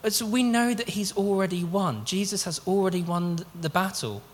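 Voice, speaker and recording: A man preaches in an earnest, conversational way, stumbling over a word now and then and circling back to restart his thought. His voice sits a little higher than most men's. The long reverb tail of a large hall trails after each phrase. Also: lively intonation, moderate pace. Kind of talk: sermon.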